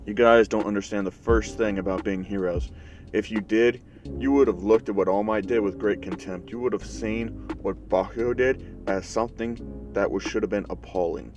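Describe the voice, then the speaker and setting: A man doing a blunt, gruff teacher. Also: on the low side, fairly even intonation, moderate pace, far from the mic, lo-fi sound, over music, close to an everyday voice. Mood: blunt defiant. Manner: blunt, profane. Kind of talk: fan story narration.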